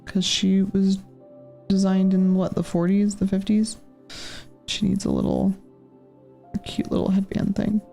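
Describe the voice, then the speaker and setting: A woman's voice: mid-range voice, monotone, unhurried, gravelly, pauses often, mellow, faint music behind. A woman chatting casually on a live stream as she paints, thinking aloud and rambling with lots of filler words. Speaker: artist and cast member drawing on a live stream.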